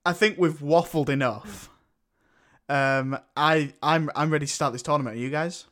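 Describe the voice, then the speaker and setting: A man's voice: fairly high pitch, normal speed, fairly bright tone. A man hosting a casual podcast, rambling and restarting his sentences as he sets up a film tournament. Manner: rambling, self-interrupting, swears casually.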